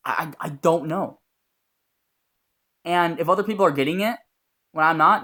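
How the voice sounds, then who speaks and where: A man's voice: fairly high pitch, sharp tone. A young man giving a blunt, profane, earnest motivational talk as a YouTuber. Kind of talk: motivational vlog monologue.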